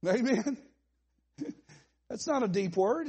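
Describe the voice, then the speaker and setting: A man preaching a sermon at a church conference, with a Southern accent and a folksy, animated delivery full of asides and laughs. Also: very high voice, slow pace, slightly rough. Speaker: pastor.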